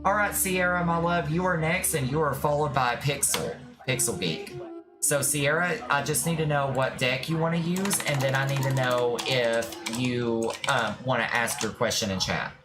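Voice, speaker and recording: A streamer in casual live-stream chat, giving tarot readings and talking to viewers in a warm, reassuring way. The voice sits at a middle pitch, and clear music plays underneath the whole time. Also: normal speed. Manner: affectionate, reassuring, calls viewers "my love".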